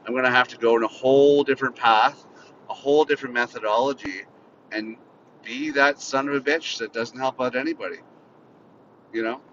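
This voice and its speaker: A man's voice: fairly quick, a bit bright. Profane ranting man in a car. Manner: profane, bitter, venting. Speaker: podcast host. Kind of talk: unscripted solo rant. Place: inside a car. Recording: slightly muffled, faint vehicle rumble.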